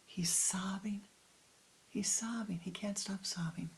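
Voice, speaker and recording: A woman's voice: mid-range voice, fairly even intonation, takes it slowly, slight background noise, low-quality recording. A woman spiritual teacher telling a story dramatically in a dharma talk, often in a half-whisper.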